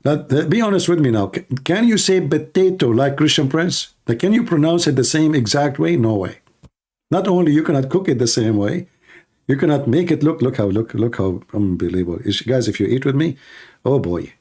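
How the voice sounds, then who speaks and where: A man's voice: mid-range voice, lively intonation, a little fast, darkish tone, breathy edge. A man hosting a teasing, joking live-stream cooking chat. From Middle East. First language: Arabic. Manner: teasing, joking, laughing at own jokes.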